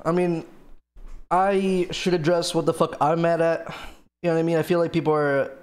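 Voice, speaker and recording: A man streams live and chats with his viewers, rambling and venting with plenty of fillers and swearing. His voice is a little high, delivered flat at a normal speed.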